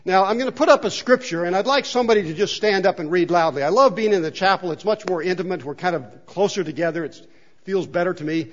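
A man's voice: high voice, quick pace, muffled recording. A man preaching a sermon in a chapel, talking conversationally and asking the congregation questions. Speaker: pastor. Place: church chapel.

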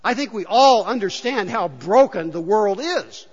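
Pastor, male, lively high-ish voice, emphatic sermon delivery, dull, echoey church recording. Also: unhurried, husky. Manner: emphatic, rhetorical questions to the congregation. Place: church sanctuary. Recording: dull, reverberant church hall.

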